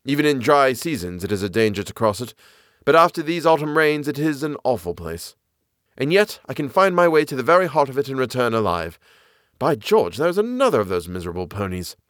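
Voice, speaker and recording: A man voicing an eager, knowledgeable naturalist man who explains the moor with lively enthusiasm. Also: medium pitch, brisk, no room sound, clean studio sound. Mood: explaining.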